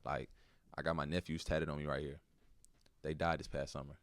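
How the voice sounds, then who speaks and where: A young man from Texas with a Texan accent, a podcast guest telling a painful personal story in a soft, halting, slangy way. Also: extremely low pitch, little pitch movement, dry recording. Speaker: podcast guest, basketball player.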